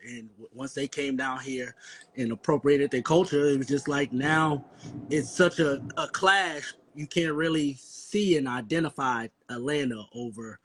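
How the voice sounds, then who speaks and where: Husky young man from the Bronx. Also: medium pitch. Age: young adult. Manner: slangy, blunt. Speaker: podcast co-host, son. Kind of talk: casual chat.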